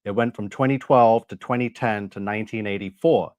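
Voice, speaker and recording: A man's voice: lowish voice, brisk, darkish tone, dry recording. A man hosting a religious commentary video, talking in an intense, emphatic, insistent way. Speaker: online video host.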